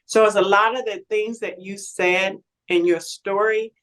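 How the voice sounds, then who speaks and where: Earnest woman, halting testimony. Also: medium pitch, fairly even intonation, a bit bright, poor audio. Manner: earnest, halting, repeats words. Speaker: patient advocate. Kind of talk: panel discussion, personal testimony.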